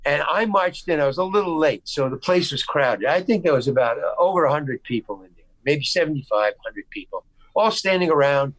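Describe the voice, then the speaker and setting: American man spinning an animated anecdote. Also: fairly high pitch, brisk, dry recording, poor audio. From United States. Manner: animated anecdote-telling with restarts and acted-out quotes. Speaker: guest actor. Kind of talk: casual storytelling interview. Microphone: video call.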